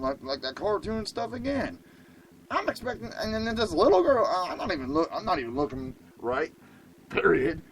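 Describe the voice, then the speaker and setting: Animated gravelly man telling wild stories. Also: high-pitched, a little hiss or hum, rough recording. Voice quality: gravelly, profane and excitable. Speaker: radio show host. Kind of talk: animated comic storytelling.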